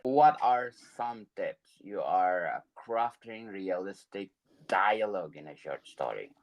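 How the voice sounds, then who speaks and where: A woman interviewer who asks slow, casual questions and answers with brief agreement. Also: rumbling low, animated, poor audio.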